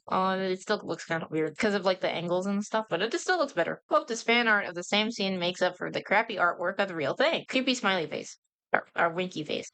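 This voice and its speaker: A woman's voice: mid-range voice, big pitch swings, fast talker, a bit bright, rough recording. A young woman giving casual, sarcastic commentary, often exasperated and ranting as she reviews. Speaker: VTuber comic reviewer.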